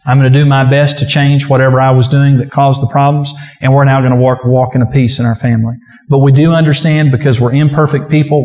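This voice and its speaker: A man's voice: mid-range voice, darkish tone, highs cut off. A man preaching a sermon as a pastor, earnest and emphatic, often acting out prayers aloud. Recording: echoey hall with long reverb.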